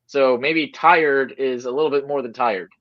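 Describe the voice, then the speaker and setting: A man's voice: medium pitch, normal speed, fairly bright tone, highs cut off. A man co-hosting a sports podcast, speaking in a laid-back way with short, agreeing remarks. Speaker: podcast co-host. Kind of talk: casual sports chat.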